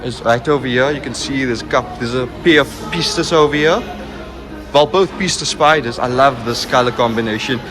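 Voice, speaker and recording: An eager young man guides a walkaround of a car showroom, gushing as he goes and stumbling over repeated phrases. His voice sits at an ordinary middle pitch, and faint music plays quietly underneath. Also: moderate pace. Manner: excited, repeats phrases and fillers like "like" and "look at". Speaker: car vlogger. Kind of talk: walkaround car tour narration. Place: indoor car dealership showroom.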